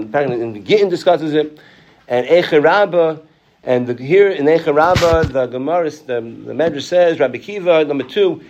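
A man teaching a Torah class, reading out Hebrew and Aramaic sources, restarting phrases and asking the class animated questions. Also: a little high. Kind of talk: Talmud class lecture.

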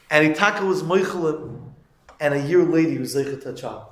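A man with a high voice delivers a Torah lecture, telling a story and then rising into emphatic moral preaching. His talk is full of Yiddish and Hebrew terms, and the room around him rings with echo. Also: quick pace, fairly bright tone. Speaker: teacher of yeshiva students. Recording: echoey room.

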